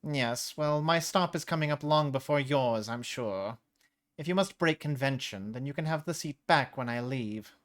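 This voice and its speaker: A pompous middle-aged businessman with a raised, pinched voice, as a storyteller puts him on. He talks down to everyone, haughty and sputtering, plainly a put-on storybook voice. He pushes his words louder and higher than the narrator's own talk. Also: normal speed, lightly acted. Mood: snooty.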